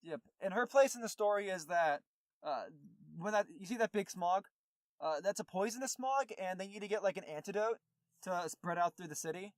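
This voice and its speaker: High-voiced man rambling on a podcast. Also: lively intonation, fairly quick, dry recording, studio quality. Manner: rambling, lots of fillers and restarts. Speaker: podcast co-host. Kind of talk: casual podcast chat recapping a movie.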